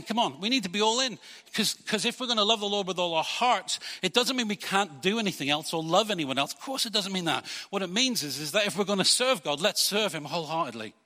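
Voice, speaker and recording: A man preaching a sermon as pastor, putting rhetorical questions to his congregation and swinging between loud urging and quiet earnestness. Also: sits high, big-room sound.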